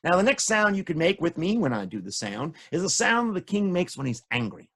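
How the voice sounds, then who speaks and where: In a high, very animated, brisk and somewhat bright voice, a male storyteller spins playful, interactive tales for children, leading his young listeners through sound effects.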